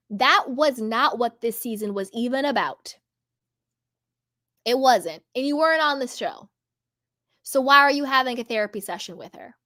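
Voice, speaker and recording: A woman's voice: a little high, a bit bright, dry recording, clean studio sound. A woman hosting a commentary channel, talking in a casual, emphatic way with repetitions and rambling asides.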